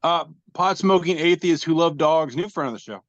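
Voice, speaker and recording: Male podcast host, rambling and self-mocking, slightly high voice, lo-fi call sound. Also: normal speed, dry recording. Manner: rambling, self-deprecating, swears casually. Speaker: podcast host reading memes. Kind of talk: casual chat, describing memes aloud. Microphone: video call.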